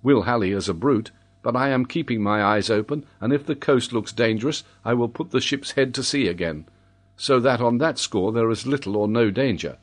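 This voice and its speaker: A man's voice: medium pitch, normal speed, close to an everyday voice. A man voicing a loyal young sea captain in an audiobook, speaking earnestly and steadily. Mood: reassuring.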